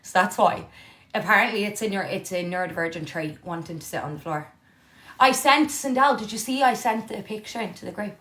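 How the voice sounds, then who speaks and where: A young woman chatting casually on a live stream from her living room, reading and answering viewer comments, candid and quick to swear. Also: mid-range voice, fairly bright tone.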